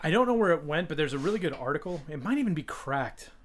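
A man's voice: a little high, lively intonation, fast talker. A man co-hosting a podcast in casual chat, rambling with many fillers and restarts and swearing casually. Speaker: podcast co-host.

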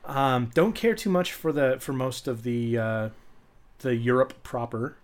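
A man's voice: mid-range voice, a little slow. A man co-hosting a podcast, chatting casually with a profane, joking, rambling manner. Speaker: podcast co-host.

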